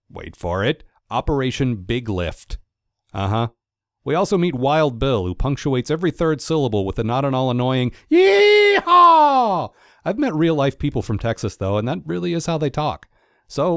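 A man talks through a cartoon episode as a comedic recap, full of sarcastic, wry asides. His voice sits at an ordinary middle pitch. The sound is dry and close, with no room echo. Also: a little mellow. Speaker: cartoon reviewer.

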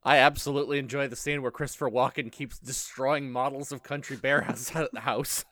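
A man's voice: medium pitch, fairly even intonation, brisk, a bit bright. A man co-hosting a podcast, chiming in with short reactions and jokes. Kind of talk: casual chat.

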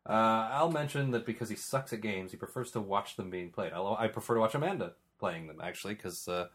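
A man with a fairly low voice hosts a casual podcast chat. He reads out listener questions and rambles through his answers, restarting sentences often. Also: lively intonation, fairly quick, a bit bright. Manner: rambling, restarts often, chuckles between remarks.

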